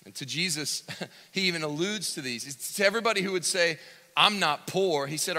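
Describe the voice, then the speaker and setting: Animated male pastor in a reverberant hall. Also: high voice, a little fast. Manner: dramatic swings from loud to hushed, acting out quotes. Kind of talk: sermon. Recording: long reverb of a church hall.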